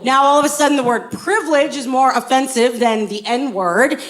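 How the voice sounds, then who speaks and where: A woman's voice: high voice, moderate pace, rough recording. Brash, profane stand-up comedian woman. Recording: live audience laughter.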